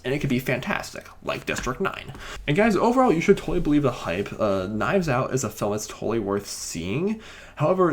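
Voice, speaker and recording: A young man giving a casual film review, rambling and enthusiastic, with many fillers and restarts. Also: on the low side. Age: young adult. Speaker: movie reviewer.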